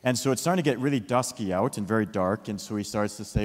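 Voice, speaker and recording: A man telling a children's story with a lesson, lively and asking his listeners questions. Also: on the low side, quick pace, few pauses. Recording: long hall reverb.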